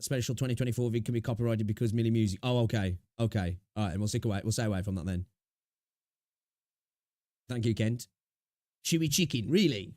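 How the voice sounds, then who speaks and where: A man's voice: on the low side, brisk, pauses often, darkish tone, no echo, clean studio sound. A young man chatting casually on a live stream, reacting to videos, talking to his chat with slang and frequent laughs.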